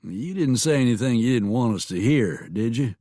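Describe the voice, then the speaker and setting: A man's voice: medium pitch, lively intonation, normal speed, warm tone, dry recording, clean studio sound, lightly acted. A man voicing a blunt, teasing small-town sheriff in a Western audiobook. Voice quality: wry, blunt.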